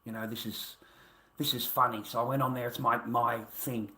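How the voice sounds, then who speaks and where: A man's voice: medium pitch, little pitch movement, moderate pace, sharp tone, reverberant. An Australian man livestreaming an angry, profane, combative rant at his viewers.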